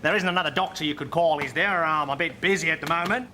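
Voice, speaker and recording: A man's voice: fairly high pitch, fast, pushed and bright, slight background noise. An actor playing a nervous young doctor in a sitcom, flustered and anxious as he bluffs through the job. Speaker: junior hospital doctor. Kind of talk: sitcom acting. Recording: TV sitcom audio with faint ambience.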